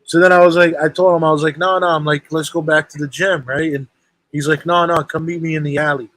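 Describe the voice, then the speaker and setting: Young guy kinda high voice going on and on with a story, lots of bro and right. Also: level tone, quick pace, a bit bright, low-quality recording. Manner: rambling, street slang, lots of "bro" and "right?". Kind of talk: casual storytelling.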